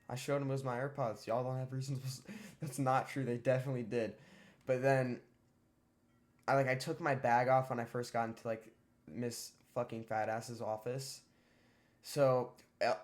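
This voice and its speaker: Profane rambling teenage guy. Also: mid-range voice. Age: teens. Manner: profane, rambling, with frequent fillers. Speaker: streamer. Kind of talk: casual storytelling.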